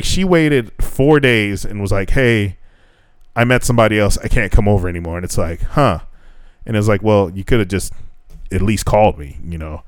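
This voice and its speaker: On the low side and recorded dry, this young man's voice carries a casual dating story on his podcast. His retelling is profane and animated, with the dialogue acted out in quotes.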